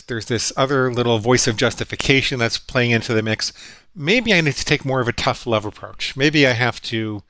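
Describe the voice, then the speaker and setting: A man's voice: mid-range voice, sharp tone, dry recording. A middle-aged man, a psychologist guest, telling his story in an earnest, reflective way. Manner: earnest, reflective, quotes his own inner voices. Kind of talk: storytelling conversation.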